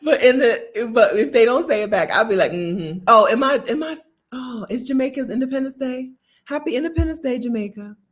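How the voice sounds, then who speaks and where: An American woman talks casually to her viewers about her travels. She is chatty and laughs often, and her pitch leaps and dips in a lively way as she tells her stories. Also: fairly quick. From United States. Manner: chatty, laughing, animated storytelling. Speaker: travel vlogger. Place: Bogota.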